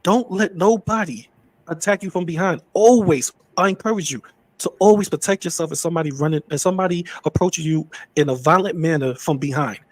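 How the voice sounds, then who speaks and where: Man streamer, quick and preachy, high voice, dry close sound. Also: dry recording. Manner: fast, insistent, preachy. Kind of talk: commentary.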